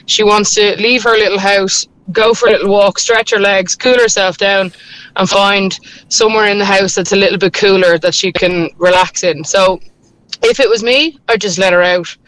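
A woman, a dog walker, calling in to give calm, practical advice. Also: medium pitch, moderate pace, low-quality recording. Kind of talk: phoned-in voice message with advice.

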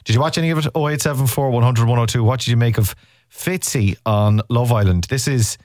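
A man's voice: mid-range voice, fast, darkish tone, dry recording, studio quality. A middle-aged Irish man hosting a radio show, chatting playfully and slipping into comic voices. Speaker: radio host. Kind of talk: casual radio chat.

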